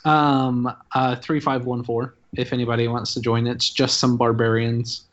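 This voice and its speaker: A man co-hosting a casual podcast with quick, playful quips. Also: medium pitch, little pitch movement, a bit bright. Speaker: podcast co-host. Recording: slightly dull lo-fi audio.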